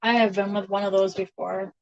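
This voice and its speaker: A woman's voice: mid-range voice, flat delivery, brisk, darkish tone, lo-fi sound. A woman tarot reader chatting casually on a livestream, laughing often between remarks.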